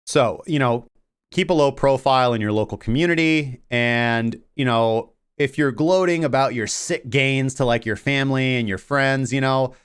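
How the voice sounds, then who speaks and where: A man hosting a crypto trading show in a loose, chatty way, leaning on fillers as he walks through his charts. His voice is smooth and resonant and sits at an ordinary middle pitch. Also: moderate pace. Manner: rambling, filler-heavy talk. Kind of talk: casual market commentary.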